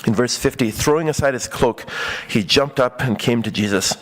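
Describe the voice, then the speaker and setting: A man's voice: medium pitch, moderate pace. A man preaching a conversational sermon, talking casually with many fillers and acting out the voices he quotes.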